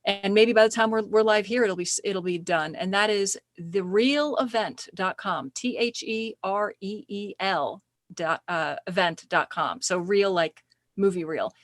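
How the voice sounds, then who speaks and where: A woman's voice: medium pitch, moderate pace, no echo. Chatty middle-aged woman, dry sound. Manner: chatty, laughs easily, animated storytelling. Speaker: podcast guest, speaker agent. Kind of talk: casual interview chat.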